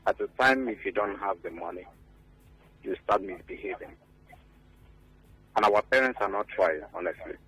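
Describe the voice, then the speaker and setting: Earnest Nigerian male caller, husky. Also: low voice, moderate pace, pauses often, pushed and bright, soft background music, low-quality recording. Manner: earnest, repetitive, emphatic. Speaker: phone-in caller. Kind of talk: calling in to a radio talk show.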